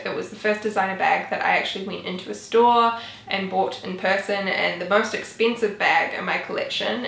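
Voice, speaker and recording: A woman's voice: medium pitch, a bit bright, reverberant, slight background noise. A woman in her twenties, chatting casually as a vlogger, rambling with lots of "like" and "um". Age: 20s. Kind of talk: casual chat.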